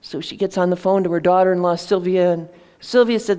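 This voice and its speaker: A woman's voice: on the low side, steady tone, fairly quick, dark tone, smooth. Woman author telling an earnest story. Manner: earnest, with many fillers and restarts. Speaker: author presenting her book. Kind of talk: conversational storytelling talk.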